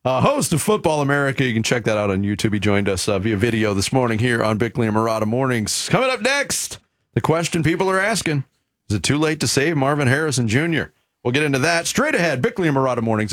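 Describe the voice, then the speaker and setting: Lively sports radio host man. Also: medium pitch, quick pace. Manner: lively, wraps up segments.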